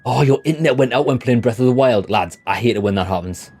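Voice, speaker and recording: A man's voice: medium pitch, lively intonation, fast talker, darkish tone, slightly rough, soft background music. A young British man chatting casually and bluntly with his live chat while streaming a game, rambling and swearing freely. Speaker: gaming livestreamer.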